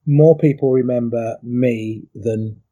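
A man's voice: mid-range voice, steady tone, slow pace, warm tone, breathy edge, highs cut off. A middle-aged man, a former athlete, telling his story in an interview in a reflective, emotional way with many fillers.

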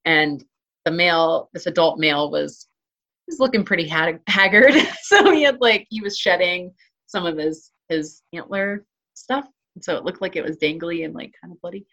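Low-voiced chatty woman hiker. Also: pushed and bright. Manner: chatty, many fillers and restarts. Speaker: interview guest, hiker and trail runner. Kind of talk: casual interview talk.

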